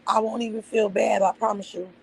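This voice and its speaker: A woman's voice: medium pitch, little pitch movement, brisk, vocal fry, darkish tone, slightly rough, low-quality recording. A middle-aged woman on a livestream, ranting with heat and profanity and repeating her phrases for emphasis. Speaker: livestream host. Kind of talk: emotional livestream rant.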